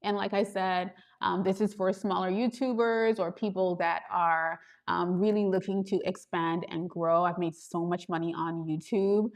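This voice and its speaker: A woman's voice: on the low side, fairly even intonation, normal speed, hardly any pauses. A woman hosting a casual livestream as a YouTube coach, upbeat, greeting viewers and answering chat questions.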